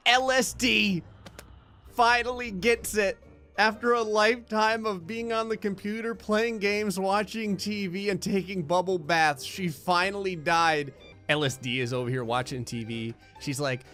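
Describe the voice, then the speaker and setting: A young man narrates gameplay in a fairly high voice, full of profane, sarcastic jokes and gleeful mock cruelty. Faint background music plays beneath him. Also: steady tone, a little slow, sharp tone. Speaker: gaming commentator. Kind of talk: comedic gameplay commentary.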